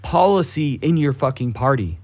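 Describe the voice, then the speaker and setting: A young man holds forth on a casual podcast, his voice sitting at an ordinary middle pitch. He rants with heat and frequent swearing, sometimes slipping into mocking voices to make fun of his targets. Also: expressive, moderate pace, darkish tone. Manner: profane, heated, mocking voices mid-rant. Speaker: podcast co-host.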